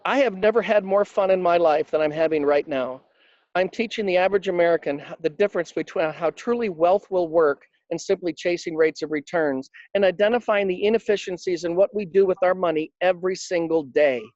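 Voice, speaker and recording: A man's voice: sits high, fairly quick, a little mellow, no room sound, lo-fi sound. A man being interviewed about his work coaching financial advisors, telling anecdotes with emphasis and acting out the quotes. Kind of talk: conversational interview storytelling.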